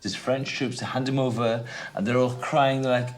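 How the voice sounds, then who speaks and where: A man's voice: medium pitch, steady tone, normal speed, soft background music. A drunk man telling a history story in a rambling, jokey way. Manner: rambling, jokey, slips into silly voices. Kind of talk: drunken comic retelling of history.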